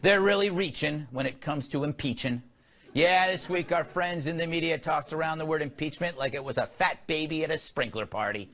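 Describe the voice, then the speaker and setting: A man's voice: on the high side, fairly quick, fairly bright tone, soft background music. A man hosting a comedy talk show, with wry, sarcastic banter and monologue jokes. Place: television studio.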